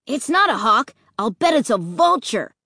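A woman's voice: on the high side, big pitch swings, normal speed, bright, forceful tone, slightly rough, dry recording, clean studio sound, exaggerated voice. A woman voicing a bratty young boy who is blunt and gleefully gruesome, in an audiobook reading.

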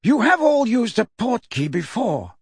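A man voicing an elderly wizard headmaster who speaks in a measured, authoritative and courteous way, in a dry, close recording. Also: very high voice, big pitch swings, husky, no room sound, voice pushed up, full character voice. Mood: brisk, urgent. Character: elderly wise male headmaster wizard, calm and commanding.

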